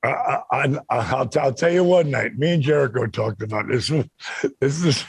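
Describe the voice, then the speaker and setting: A man's voice: medium pitch, normal speed, vocal fry, slightly rough, no echo. A man hosting a podcast, telling a profane story in casual chat, swearing often and acting out the lines of others. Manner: animated, swears often, acts out shouted quotes. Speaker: podcast host.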